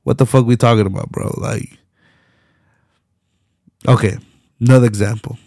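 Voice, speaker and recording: A man's voice: medium pitch, fairly even intonation, moderate pace, a little mellow, dry recording, clean studio sound. A young man hosting his own podcast, ranting casually with lots of slang, profanity and laughter. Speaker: podcast host. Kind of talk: casual solo podcast rant.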